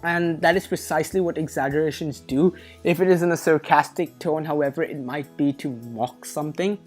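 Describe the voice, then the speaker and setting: This is a woman with a low, deep speaking voice who walks through reading test material as a tutor. She explains step by step and corrects her own slips with a wry aside. Soft music sits faintly behind her. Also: brisk. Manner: methodical, self-correcting, lightly wry. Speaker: SAT tutor. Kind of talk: explanatory lesson.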